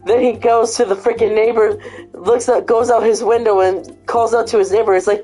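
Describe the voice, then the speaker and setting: Woman ranting and telling a funny story, swears a lot, kinda high voice, faint music behind. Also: normal speed, rough recording. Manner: animated storytelling, swears freely. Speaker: host. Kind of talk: casual chat.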